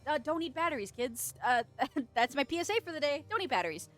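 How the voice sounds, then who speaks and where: A high-pitched woman streamer reads chat and talks with her audience, her expressive voice leaping around quickly as she giggles, teases and swears casually. She sounds a little stuffy-nosed, sits close to her desk mic, and faint music plays underneath.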